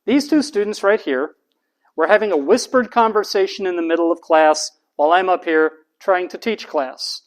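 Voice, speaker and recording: Lecturer, classroom voice pitched up to carry, slow and emphatic. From United States. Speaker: university lecturer.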